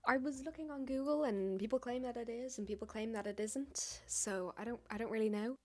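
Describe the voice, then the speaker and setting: A woman's voice: fairly high pitch, fairly quick, hardly any pauses, a little mellow, faint music behind. Jokey English woman baker vlogging. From United Kingdom. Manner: jokey, self-mocking, chatty asides. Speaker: baker and video creator. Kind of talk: casual vlog chat. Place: home, tripod camera.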